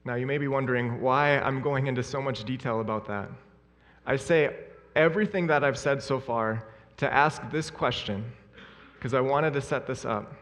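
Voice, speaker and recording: Male preacher, mid pitch, earnest and emphatic sermon delivery, long reverb of a church hall. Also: normal speed, a bit bright. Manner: earnest, emphatic, repeats key phrases.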